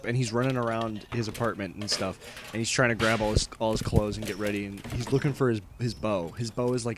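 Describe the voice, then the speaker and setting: A man's voice: lowish voice, background noise. A man casually recapping a story about his character, rambling with lots of filler words.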